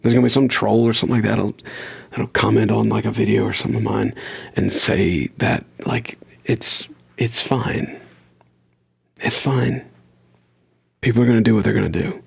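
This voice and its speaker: A man's voice: fairly low pitch, expressive, quick pace, creaky, a little mellow, husky. A man hosting a solo podcast, talking in an earnest, conversational way and shifting his pace for emphasis. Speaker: podcast host.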